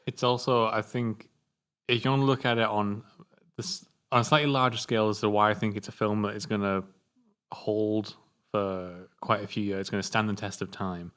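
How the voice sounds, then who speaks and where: A young British man co-hosting a film review podcast, talking in a thoughtful, measured way with hesitant restarts. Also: lowish voice, steady tone, fairly bright tone, clean tone. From Britain. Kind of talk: casual chat.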